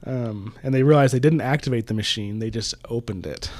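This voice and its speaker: A man's voice: medium pitch, a little fast. A man co-hosting a casual book discussion podcast, animatedly retelling the plot. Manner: animated retelling, acting out the characters. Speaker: podcast co-host.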